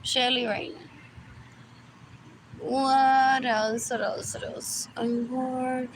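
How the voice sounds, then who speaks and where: A woman with a high voice rambles unhurriedly through a live stream on her phone, circling back to the same questions and drifting between English and Spanish. Loud traffic and passing vehicles fill the background. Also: flat delivery, drawn-out words, poor audio. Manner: meandering, repeats herself, switches between English and Spanish. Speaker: livestreamer.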